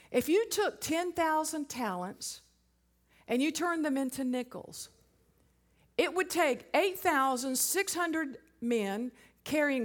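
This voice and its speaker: A woman preaching a sermon, emphatic and asking the congregation rhetorical questions. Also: high voice.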